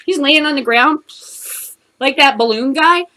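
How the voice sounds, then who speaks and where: A woman from the United States, whose voice sits high with a sharp tone, hosts a cannabis news program. She rants furiously about the news, cursing heavily in quick bursts.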